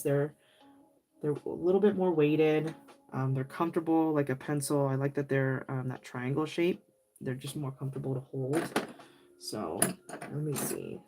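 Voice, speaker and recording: A woman's voice: low-pitched, mellow, slight background noise. A woman hosting a crafting livestream, chatting and laughing as she works and answers viewers by name. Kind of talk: casual crafting livestream chat.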